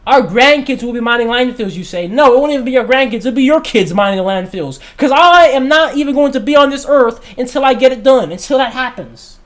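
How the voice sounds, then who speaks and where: A man's voice: very high voice, animated, a little fast, hardly any pauses. Passionate man ranting on a livestream. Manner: passionate, emphatic, repeats points. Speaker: livestream host. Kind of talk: casual livestream talk.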